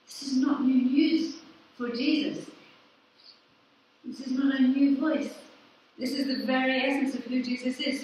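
A woman's voice: high voice, a little hiss or hum. A woman vicar preaching a sermon, asking the congregation questions and answering them herself, recorded from a distance in a church. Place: large church hall. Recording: echoey church, speaker far from the mic.

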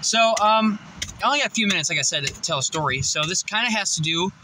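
A man's voice: high voice, expressive, fast, background noise. A man telling a rambling, profane story in a casual vlog, out of breath and laughing often. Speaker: vlogger.

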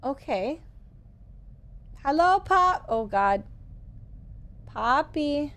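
A woman's voice: high-pitched, animated, extremely slow, fairly bright tone. A young woman streamer casually commenting while playing a game, gushing and easily startled. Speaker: gaming streamer. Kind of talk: casual let's-play commentary.

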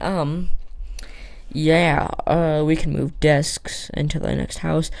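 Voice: mid-range voice, fairly even intonation, takes it slowly, creaky, darkish tone, no room sound. A gamer giving casual, rambling commentary while building in a block game, with lots of fillers and self-talk. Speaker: Minecraft let's player.

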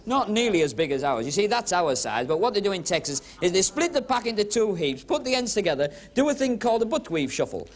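A man doing cheeky stand-up patter as a comedy magician on a club stage. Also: high voice. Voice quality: cheeky, quick comic patter. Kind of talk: stand-up patter with card tricks. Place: working men's club stage before a live audience. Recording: noisy 1970s TV recording with laughing crowd.

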